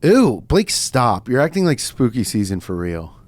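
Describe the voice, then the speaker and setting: A man hosting a podcast, telling a story in casual comedic chat, swearing and jumping up to shouted outrage. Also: mid-range voice, big pitch swings, normal speed. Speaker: podcast host.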